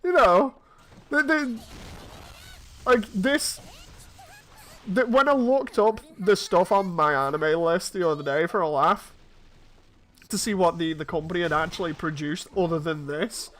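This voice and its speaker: A man's voice: sits high, measured pace, long pauses, fairly bright tone. A man in his thirties, chatting casually and telling rambling stories while streaming a game. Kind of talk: casual chat while playing.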